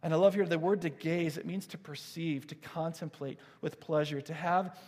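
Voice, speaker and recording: A man in his thirties delivers a sermon in an earnest, conversational way, often restarting his sentences as he tells stories. His voice sits a little high for a man. It rings out with the long reverb of a big hall. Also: fairly even intonation, normal speed, a little mellow, slightly rough. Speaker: pastor.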